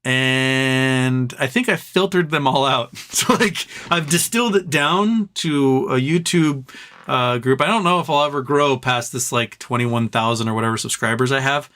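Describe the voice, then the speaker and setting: Bright-voiced man hosting a charity livestream. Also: medium pitch, moderate pace. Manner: emotional, tearful while thanking viewers; talks fondly to his pet between comments. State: teary. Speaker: livestream host. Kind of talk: casual livestream chat reading donor comments.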